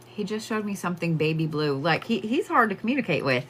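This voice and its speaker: A woman's voice: on the low side, sing-song, fast talker, breathy edge. A woman giving casual psychic readings on a livestream, chatting with viewers and laughing often.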